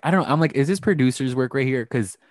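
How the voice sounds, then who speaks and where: A man's voice: medium pitch, fast talker, no echo, studio quality. A man co-hosting a podcast, recapping a TV show in sassy, gossipy casual chat. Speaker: podcast host.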